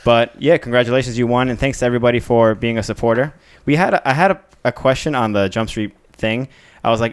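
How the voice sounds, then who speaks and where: A man's voice: mid-range voice, fast talker, few pauses, clean tone. A young man co-hosting a live podcast, talking loosely, laughing often and swearing freely. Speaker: podcast co-host. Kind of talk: casual live podcast chat.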